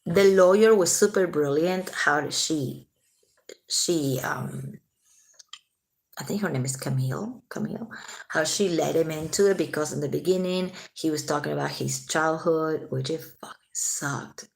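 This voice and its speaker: Woman doing a late night stream, lowish gravelly voice, chatty and swears a lot. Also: measured pace. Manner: chatty, swears freely, answers chat comments. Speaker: livestream host chatting with viewers. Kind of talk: casual late-night livestream chat.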